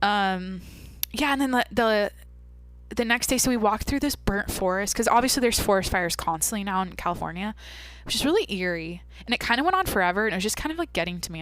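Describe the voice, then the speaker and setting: A woman's voice: medium pitch, lively intonation, a little fast, fairly bright tone, no echo. A young woman hosting a podcast, talking candidly in a rambling, casual way with lots of "like". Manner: rambling, candid, heavy use of "like". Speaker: podcast host. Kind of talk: casual monologue.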